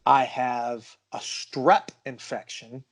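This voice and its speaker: Male podcast co-host, mid-pitched, emphatic casual storyteller. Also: fairly even intonation, takes it slowly, fairly bright tone. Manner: emphatic, insists the story is true.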